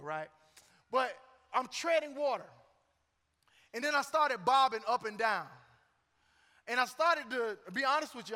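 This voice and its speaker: A man's voice: very high voice, sharp tone. A middle-aged man preaching a sermon as pastor, joking and conversational between emphatic points. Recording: long church reverb.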